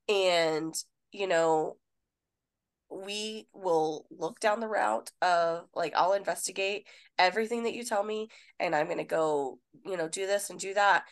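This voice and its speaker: A woman's voice: on the low side, unhurried, clean tone. A woman. She co-hosts a podcast as a nurse and talks casually, acting out conversations and swearing now and then. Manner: animated storyteller, quotes people, swears casually.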